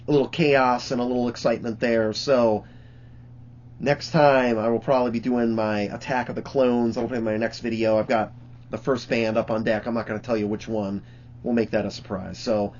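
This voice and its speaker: A man's voice: medium pitch, lo-fi sound. A man hosting his own channel, telling rambling, profane stories in a casual way with lots of fillers.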